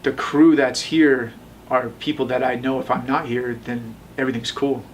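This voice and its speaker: A man's voice: medium pitch, steady tone, moderate pace, recorded from a distance, crowd noise. A man in his thirties, a tattoo shop owner, tells his story in a casual interview, rambling and often restarting. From Las Vegas, USA.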